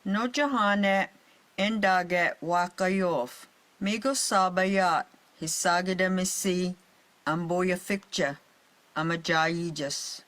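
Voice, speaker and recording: Slow, measured prayer recitation. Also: medium pitch, fairly even intonation, fairly bright tone, no room sound.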